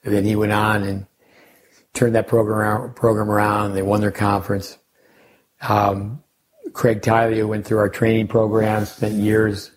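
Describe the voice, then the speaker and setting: A man's voice: lowish voice, a little mellow, slightly rough. An older man, a tennis coach hosting a podcast, talking casually and rambling through coaching lessons and side stories. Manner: rambling, anecdotal, with restarts and sidebars.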